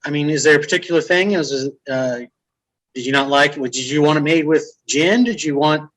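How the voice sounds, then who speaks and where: A man's voice: fairly high pitch, fairly quick, a bit bright, poor audio. A man who works as a bartender, ranting bluntly and with swearing in casual podcast chat. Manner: blunt and profane.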